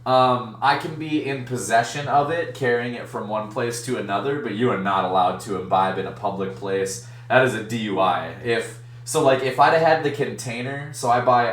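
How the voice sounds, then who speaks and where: A man's voice: fairly low pitch, roomy sound, distant mic. A man hosting a live stream, telling a story casually and acting out the voices of the people in it. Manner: animated, acts out other voices in his story. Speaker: streamer and card-break host.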